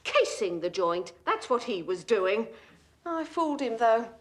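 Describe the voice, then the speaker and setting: An actress playing a suspicious, indignant middle-aged landlady who speaks in a sharp-tongued, self-satisfied way. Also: on the high side, big pitch swings, unhurried. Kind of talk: TV period drama acting.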